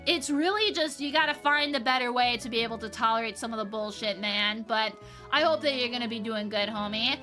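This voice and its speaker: A young adult woman from Michigan's Peninsula, chatting casually with viewers on her stream, animated and swearing freely as she reads chat aloud and answers it. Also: fairly high pitch, fairly quick, soft background music. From Upper Peninsula of Michigan, US.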